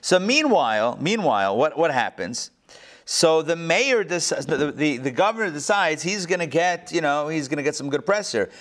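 A middle-aged man leads an evening class, with a fairly high voice for a man. He tells stories, cracks jokes and keeps checking whether his listeners are with him. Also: normal speed. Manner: animated storyteller, joking and asking the class questions. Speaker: class instructor. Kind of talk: lecture with jokes to a live class.

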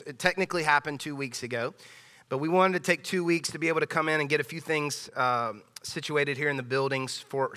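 A man in his thirties preaches in a conversational, emphatic way, doubling back on his words as he goes. His voice is very bright and smooth, a bit above the usual pitch for a man. The sound carries a long reverb from the church sanctuary. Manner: conversational, emphatic, with frequent restarts. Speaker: pastor. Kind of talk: casual sermon.

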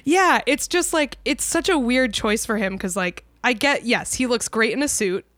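Bright-voiced woman chatting casually. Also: on the high side, animated, moderate pace, no echo, clean studio sound. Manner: chatty, laughs often, many "like" fillers. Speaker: podcast co-host. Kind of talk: casual chat.

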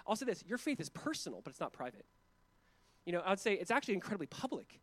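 A man's voice: sits high, big pitch swings, quick pace, no echo. A male pastor preaching a sermon in a conversational, emphatic way, with asides and chuckles.

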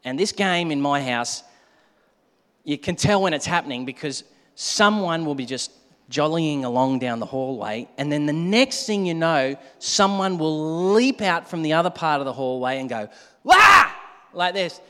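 A man preaching a sermon, animated, at times shouting to act out a scare and dropping to a hush. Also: on the high side, normal speed, clear, resonant tone. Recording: long hall reverb.

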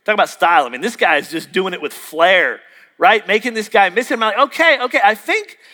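High-voiced guy preaching, bouncy and animated, acting out little back-and-forths, big echoey hall. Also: a little fast. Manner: animated, acts out dialogue, jokey asides. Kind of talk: sermon with storytelling. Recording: long hall reverb.

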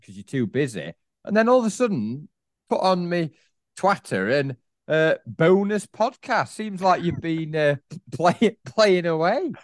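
A man's voice: fairly high pitch, big pitch swings, measured pace, no echo, studio quality. A man co-hosting a casual football podcast, stumbling over his words and repeating himself, with bursts of teasing. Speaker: podcast co-host.

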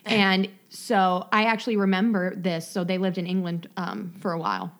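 A woman's voice: fairly low pitch, normal speed. Chatty young woman co-hosting a podcast. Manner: joking, self-deprecating, chatty. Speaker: podcast co-host. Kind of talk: casual chat, reading a listener story aloud.

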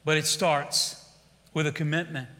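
A man's voice: a little high, little pitch movement, a little slow, pushed and bright. A man preaching a sermon as pastor, rousing his congregation with repeated refrains and calls to respond, in a large church. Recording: long church hall reverb.

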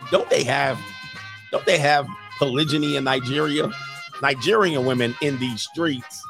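A man hosting a casual commentary show, reacting to a list with jokes and loud exclamations. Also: medium pitch, moderate pace, vocal fry, music in the background.

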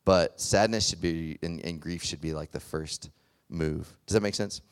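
Deep-voiced man preaching casually. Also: normal speed, clear, resonant tone. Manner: conversational, rambling with many fillers. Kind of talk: casual sermon.

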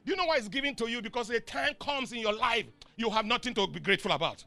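A middle-aged man with a Nigerian accent preaching a sermon in call-and-response style. He swings from soft asides to shouts and chuckles often. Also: very high-pitched, fast, creaky. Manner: chuckles often mid-sentence. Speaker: pastor.

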